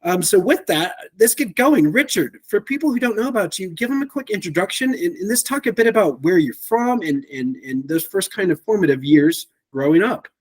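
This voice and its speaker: A man's voice: sits high, lively intonation, brisk, hardly any pauses, slightly rough. A man as guest host of a podcast, interviewing a friend in a playful, enthusiastic, joking manner.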